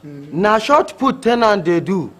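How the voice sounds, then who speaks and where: A man's voice: sits high, big pitch swings, takes it slowly, full character voice. A man with a Hausa-accented Pidgin playing a blunt, outspoken landlord in a comedy film. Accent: Hausa-accented Nigerian Pidgin. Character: plain-spoken Hausa male landlord, outspoken.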